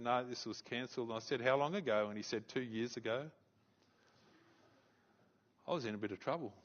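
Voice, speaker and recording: Aussie pastor telling a story in a sermon, animated, kinda muffled recording. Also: male voice, on the high side. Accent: Australian. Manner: storytelling, animated, repeats words when excited. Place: church.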